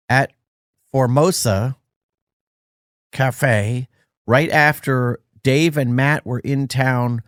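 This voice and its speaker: A man's voice: mid-range voice, dry recording, clean studio sound. A man co-hosting a podcast, telling a rambling story in casual chat and stopping to search for words. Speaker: podcast co-host. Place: Los Angeles.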